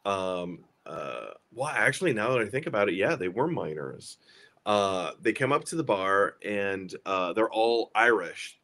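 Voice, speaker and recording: A man's voice: fairly low pitch, unhurried. A man in a casual podcast chat, telling rambling stories with lots of laughter. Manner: rambling, animated, laughing storyteller. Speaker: podcast guest.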